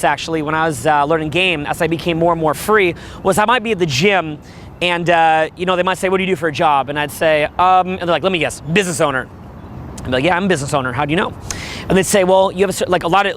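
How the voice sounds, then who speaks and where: A middle-aged man with a worn, rough voice, giving a blunt, profane, animated coaching monologue about dating. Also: high-pitched, a little hiss or hum. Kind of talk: motivational monologue.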